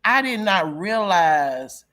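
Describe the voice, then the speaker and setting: A woman with a fairly low voice and big pitch swings talks slowly while hosting a casual live-stream reaction chat. Dramatic and gossipy, she laughs loudly and often, moving between loud outbursts and quiet asides.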